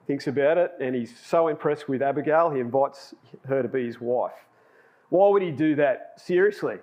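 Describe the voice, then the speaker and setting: Chatty man preaching, fairly high. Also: a little mellow. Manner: chatty storyteller, laughs at himself. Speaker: lay preacher. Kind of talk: sermon with personal anecdotes.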